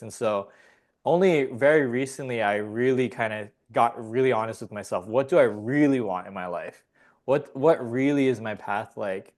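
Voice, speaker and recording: A man's voice: medium pitch, normal speed. Laid-back, laughing male podcast guest. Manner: rambling storyteller, laughs often, swears. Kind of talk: casual podcast conversation.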